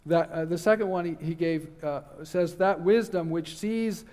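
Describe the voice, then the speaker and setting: A middle-aged man delivers a conference lecture, earnest and emphatic with the odd wry aside. His voice sits a little high, and his words ring out through the long reverb of a church hall. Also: measured pace, mellow.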